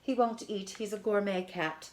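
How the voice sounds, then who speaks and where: A woman's voice: medium pitch, steady tone, normal speed, natural voice. A woman voicing a fussy, fretful man who frets plaintively over his spoiled cat.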